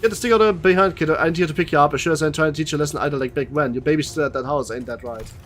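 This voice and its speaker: A man voicing a booming, swaggering rough-talking tough guy with a slangy drawl, read aloud from a game. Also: rapid-fire, a bit bright, faint music behind, lightly acted. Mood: taunting.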